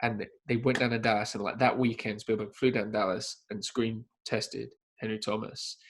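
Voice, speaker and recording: A man co-hosting a casual film podcast, telling an anecdote in a lively way and acting out the quotes. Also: fairly low pitch, moderate pace, slight background noise. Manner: lively storyteller who acts out quotes. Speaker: podcast co-host. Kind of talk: casual podcast chat about films.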